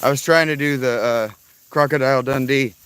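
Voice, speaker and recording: A man's voice: mid-range voice, steady tone, fairly quick, a bit bright, clear, resonant tone. Guy live streaming from his campsite, swears a lot, rambles on and says hi to chat. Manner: rambling, profane, greets chat viewers. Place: outdoors at a tent campsite.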